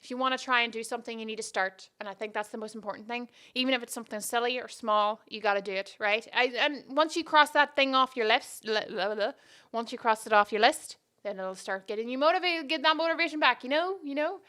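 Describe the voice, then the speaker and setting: Bright, crisp-voiced woman podcaster. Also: on the high side, fast talker. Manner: rambling, goes off on tangents; chatty and self-deprecating. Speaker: podcast host. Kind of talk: casual solo podcast chat.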